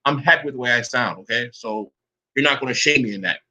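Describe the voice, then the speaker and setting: A man's voice: mid-range voice, fast talker, pushed and bright, slightly rough. A man in a profane, confrontational rant to camera. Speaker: online commentator.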